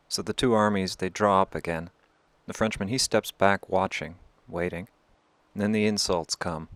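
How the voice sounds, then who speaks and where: A man's voice: sits low, normal speed, a bit bright, dry recording. A man telling a half-true story in a wry, conversational way. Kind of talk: oral storytelling.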